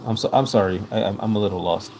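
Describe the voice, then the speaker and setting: A man's voice: fairly low pitch, fast talker, a little mellow, slight background noise, poor audio. A man with an accent hosting a live stream, reading viewer comments aloud and answering them in an earnest way, often repeating himself to make a point. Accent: non-native English accent. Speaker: livestream host.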